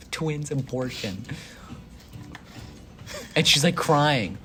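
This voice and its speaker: A young man hosting a casual chat, telling stories with animated, incredulous questions. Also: on the low side, normal speed, slight background noise. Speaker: host.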